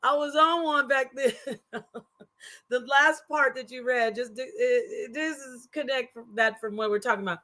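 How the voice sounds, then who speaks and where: A woman's voice: high voice, normal speed, pushed and bright. Chatty woman hosting a live stream. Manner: emotional, talks to chat, restarts often. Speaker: live stream host reacting to a video. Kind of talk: casual live commentary.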